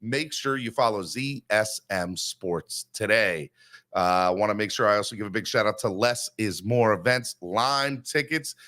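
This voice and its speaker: A man's voice: fairly low pitch, normal speed, bright, forceful tone. A man hosting a sports podcast morning show, talking in an upbeat, hyped-up way while plugging the channel and sponsors from a bare new room. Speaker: podcast host.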